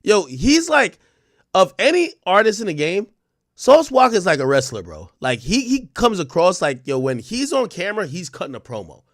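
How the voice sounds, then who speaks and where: With a high-pitched voice that swoops wildly, a young man from Jamaica speaks at normal speed in a Jamaican accent while hosting a livestream. He tells profane stories as casual commentary, restarting many times, in clean studio sound with no room noise.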